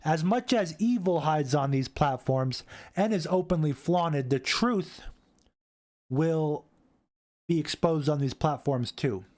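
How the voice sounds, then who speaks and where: A man hosting a casual live stream, rambling, repeating himself and reading chat aloud into a boom-arm desk mic. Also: slow pace, a little mellow.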